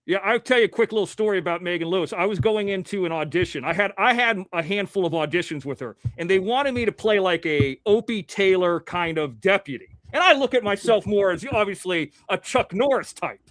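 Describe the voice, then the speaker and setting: A man hosting an interview show, telling stories bluntly with swearing and quick bursts. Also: sits high, animated, fairly bright tone, dry recording. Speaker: host. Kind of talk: casual interview chat.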